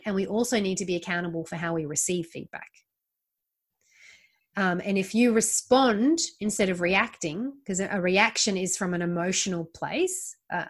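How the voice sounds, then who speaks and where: A woman's voice: lowish voice, a bit bright. Aussie woman guest on a chatty podcast, earnest, giving advice. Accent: Australian. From Australia. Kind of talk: casual interview chat.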